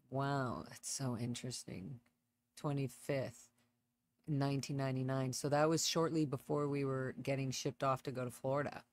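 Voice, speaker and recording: Middle-aged woman, livestream host; loose, rambling commentary with exclamations. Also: deep voice. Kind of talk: casual livestream commentary over videos.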